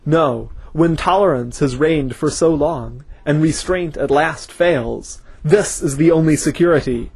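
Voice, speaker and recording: A man voicing a grim, determined man who speaks intensely and forcefully. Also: fairly high pitch, measured pace, creaky, few pauses, slightly rough, heavily acted.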